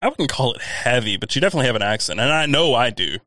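Podcast co-host, a man with a faint Southern twang, animated ranting, dry studio sound. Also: medium pitch, racing, dry recording. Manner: ranting, animated, swears freely. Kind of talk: casual chat.

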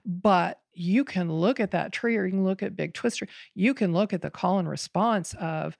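A woman in casual podcast conversation, talking in an animated, rambling way with frequent laughs and restarts. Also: lowish voice, normal speed, creaky, no room sound. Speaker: podcast guest, bonsai student.

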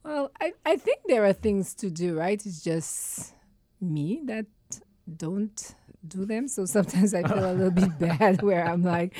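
A woman's voice: mid-range voice, lively intonation, a little slow, dark tone, dry recording, clean studio sound. A woman from Saint Lucia, a guest on a podcast, chatting casually and laughing often as she acts out little scenes. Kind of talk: casual chat.

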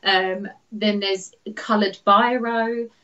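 A woman, a guest artist talking casually in an interview, often laughing and filling pauses with "um". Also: mid-range voice, steady tone, pushed and bright, dull audio. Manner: chatty, laughs often, many fillers.

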